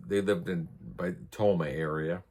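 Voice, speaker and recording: A man's voice: low voice, steady tone, a little slow, darkish tone. A man from the United States hosting a casual vlog, telling rambling anecdotes and chuckling as he goes. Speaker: vlog host. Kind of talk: casual storytelling chat.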